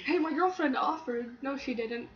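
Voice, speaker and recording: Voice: high-pitched, normal speed. A young let's play host cracking crude jokes and giggling through casual banter with a friend. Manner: crude, giggly, swears often. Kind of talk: casual joking banter over gameplay. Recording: dull lo-fi recording with faint hiss.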